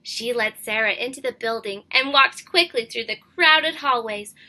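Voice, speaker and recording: A woman kindergarten teacher reading a picture book aloud to young children with expressive, gently questioning delivery. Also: fairly high pitch, normal speed.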